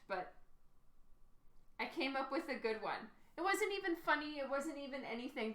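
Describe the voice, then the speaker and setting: A woman's voice: high voice, pushed and bright, roomy sound. A woman in her thirties, an artist chatting casually with her live-stream viewers while she draws, giggly and chatty. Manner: giggly, chatty, reads chat aloud.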